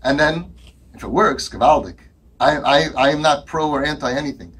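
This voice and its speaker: Brief: man with a high, husky voice, emphatic speaker to an audience. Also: moderate pace, fairly bright tone. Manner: emphatic, rhetorical questions, acts out dialogues. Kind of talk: impassioned talk to a live audience.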